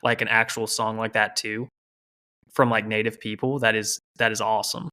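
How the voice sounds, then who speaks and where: A man's voice: lowish voice, level tone, normal speed, sharp tone. A man hosting a podcast, reacting with enthusiasm and asking questions in a casual interview style, full of "like"s. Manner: enthusiastic, with many "like"s and repeated words. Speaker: podcast host.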